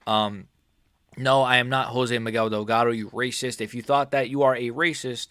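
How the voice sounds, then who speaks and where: A man talks through his fight predictions in a loose, excitable vlog style, cursing often and catching himself mid-thought. His voice sits at an ordinary middle pitch. The sound is dry and close, with no room echo. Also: moderate pace. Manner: excitable, swears a lot, jokey, self-correcting. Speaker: MMA prediction channel host.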